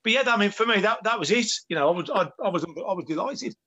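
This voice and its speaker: A man's voice: high-pitched, expressive, fast talker, sharp tone, slightly rough, muffled recording. A man, a former footballer chatting as a guest, rambling with many restarts. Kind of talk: casual chat.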